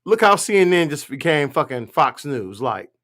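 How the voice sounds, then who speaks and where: Profane, ranting man with a high voice. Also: very animated, normal speed, fairly bright tone. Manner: profane, blunt, rambling. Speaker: live stream host. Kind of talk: casual political rant.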